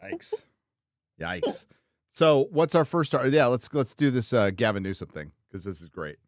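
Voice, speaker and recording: A man's voice: medium pitch, sing-song, fairly quick, dry recording, clean studio sound. A man hosting a podcast, talking in a blunt, ranting casual style. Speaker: podcast host. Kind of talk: casual chat.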